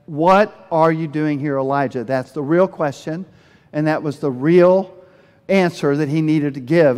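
Animated pastor in a reverberant church. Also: male voice, on the high side. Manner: animated storytelling, voices quoted speakers with bursts of energy. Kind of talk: sermon. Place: church sanctuary. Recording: long hall reverb.

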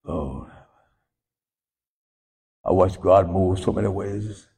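A male pastor preaching a sermon in a folksy storytelling way, swinging from hushed lines to shouted ones, heard in a church sanctuary. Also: low voice, takes it slowly, vocal fry, a little hiss or hum. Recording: long church hall reverb.

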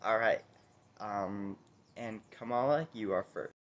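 A man's voice: fairly low pitch, takes it slowly, dull audio. A man playing a debate moderator, asking questions plainly with hesitant "um"s. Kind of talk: comedic sketch.

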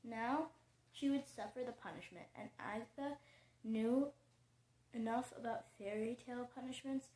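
A woman reading a young adult fantasy novel aloud, slowly and carefully, often restarting words. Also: on the high side, warm tone. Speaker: audiobook reader. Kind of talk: amateur storybook reading. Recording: echoey room.

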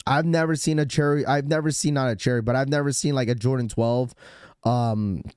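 A man with a hoarse, sore-throat voice hosting a sneaker livestream, talking to his chat in a casual, rambling way full of restarts. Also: mid-range voice, steady tone, fairly quick, a little mellow, dry recording, studio quality. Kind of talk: casual live-stream chat.

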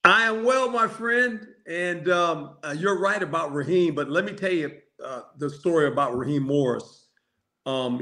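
An older man with a slightly raised voice spins animated football stories. He acts out the other people's lines and breaks into laughter often. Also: on the high side. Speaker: guest, former coach and player. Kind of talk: storytelling phone-in chat.

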